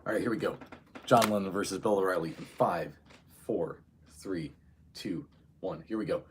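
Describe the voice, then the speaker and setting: A man's voice: sits low, normal speed, noisy background. A man talking casually in a solo vlog, rambling and hesitant as he thinks aloud. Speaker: video creator.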